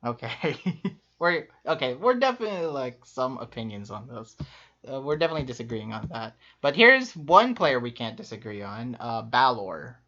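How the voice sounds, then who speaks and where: A man co-hosting a casual chat, talking quickly with lots of fillers and laughs. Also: medium pitch, big pitch swings, sharp tone. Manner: quick, upbeat, laughs often, many fillers. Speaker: co-host ranking players. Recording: muffled lo-fi audio.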